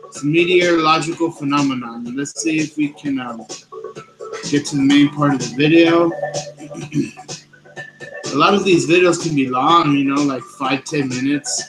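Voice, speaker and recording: A man hosts his own show, speaking loudly right into a close microphone. His voice sits a little high, and he stops often for ums and uhs. Clear music plays behind him the whole time. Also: moderate pace, poor audio. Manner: loud, speaks close to the mic, hesitant with fillers. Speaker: host of a paranormal news show. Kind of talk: casual solo show talk. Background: background music.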